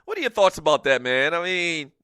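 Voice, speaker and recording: A middle-aged man hosting a sports talk radio show, venting in an animated way and laughing often. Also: fairly high pitch, brisk, clear, resonant tone, no room sound.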